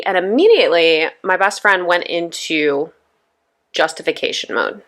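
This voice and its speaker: A woman's voice: lowish voice, moderate pace, a bit bright. A woman in her thirties hosting a podcast, talking casually and conversationally with lots of asides to her listeners. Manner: chatty, conversational, frequent "right?" and "you know". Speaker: podcast host.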